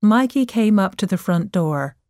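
A woman narrating a storybook chapter in a careful, expressive reading voice. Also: medium pitch, unhurried, no echo, clean studio sound.

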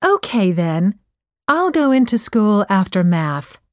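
Lady reading a restless teen girl, whiny and high, dry close sound. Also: very animated, takes it slowly, no room sound. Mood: sulky. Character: teenage girl, annoyed and restless.

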